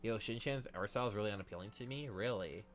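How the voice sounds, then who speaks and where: A young man chatting casually to his live-stream chat while drawing, excitable and swearing often. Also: lowish voice, fast talker, soft background music.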